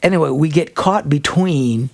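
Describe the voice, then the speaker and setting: A man hosting an advice talk show, telling a comic story in an animated way and laughing often mid-sentence. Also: fairly high pitch, normal speed, creaky. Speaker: radio show host. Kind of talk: comedic relationship advice talk.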